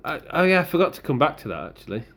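A slightly high, somewhat bright male voice races along with big swings in pitch. He's a podcast co-host in casual chat, rambling with lots of fillers and restarts.

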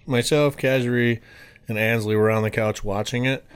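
A man's voice: mid-range voice, moderate pace, clean tone. Laughing man telling a wild story. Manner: animated, laughing, profane storyteller. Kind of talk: casual storytelling.

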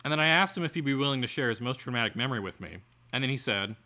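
A man's voice: mid-range voice, lively intonation, racing, pushed and bright. A man co-hosting a podcast, reading an article aloud and breaking off into sarcastic, exasperated asides. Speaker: podcast co-host.

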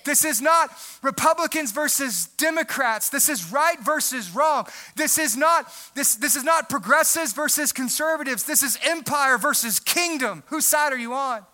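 A young adult man, a pastor, preaching a sermon in a loud, emphatic voice that breaks into shouting. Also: very high voice, lively intonation, normal speed, hardly any pauses.

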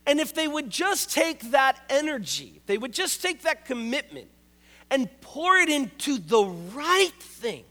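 A man's voice: high-pitched, sharp tone. A male pastor preaching a sermon, conversational and joking, who drives points home by repeating key words. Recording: long reverb of a large hall.

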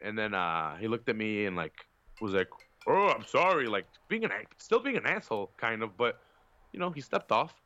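Bright-voiced man telling a rambling story. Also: lowish voice, expressive, fairly quick, dull audio. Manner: rambling profane storytelling, many fillers. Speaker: podcast co-host. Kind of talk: casual chat.

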